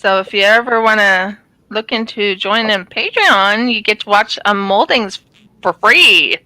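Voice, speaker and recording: Bright chatty woman craft host. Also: mid-range voice, unhurried, no echo, low-quality recording. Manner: rambling, chatty, many ums and restarts. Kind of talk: casual chat while diamond painting.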